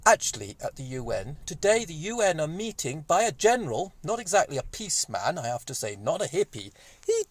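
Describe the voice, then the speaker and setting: A man in his fifties, rambling and excitable in a casual monologue, speaking through a cold. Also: on the high side, breathy edge, dry recording. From Wales. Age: 50s. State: has a cold. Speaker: vlogger. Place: indoors, sunny room.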